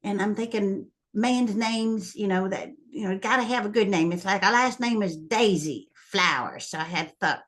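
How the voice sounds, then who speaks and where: A woman's voice: medium pitch, normal speed, hardly any pauses, fairly bright tone. A woman telling a family story to her viewers in a casual, rambling way, full of ums and little laughs. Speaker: vlogger.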